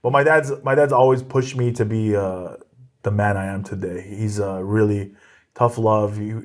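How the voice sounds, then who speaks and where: A man's voice: on the low side, fairly even intonation, moderate pace, a little mellow. Laughing, rambling male comedian. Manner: laughing, rambling storyteller with many restarts. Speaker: comedian guest. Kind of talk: casual interview chat.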